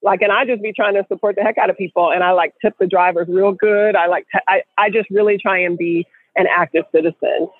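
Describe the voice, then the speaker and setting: Animated woman storyteller over a phone line. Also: medium pitch, fast, no room sound. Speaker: guest co-host. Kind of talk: casual chat on a group call.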